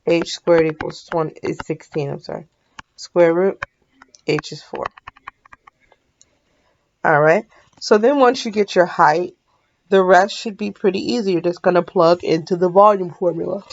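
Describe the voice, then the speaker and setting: Sleepy, gravelly-voiced woman math teacher. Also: lowish voice, measured pace, pauses often, dull audio. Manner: casual, often apologizing and self-correcting. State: sleepy, yawning. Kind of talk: screen-recorded math lesson.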